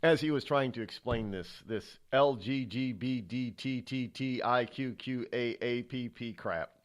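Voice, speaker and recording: A male talk show host giving political commentary, halting often with restarts and sighs. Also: medium pitch.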